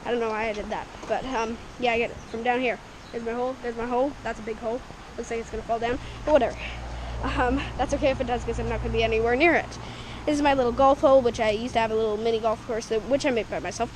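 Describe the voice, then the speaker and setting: Woman, from Canada, slightly high voice, casual rambling, frequent giggles, outdoors, faint background noise. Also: steady tone, rapid-fire. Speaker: vlogger showing a homemade dirt bike track. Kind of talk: casual walkthrough narration. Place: backyard outdoors. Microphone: action camera.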